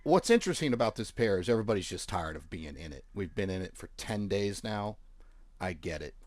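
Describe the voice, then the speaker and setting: His voice sits on the low side, animated and darkish, moving at a fairly quick clip with no echo. As a forex trading channel host, he clicks through charts and accounts on a casual screen share, cracking offhand jokes.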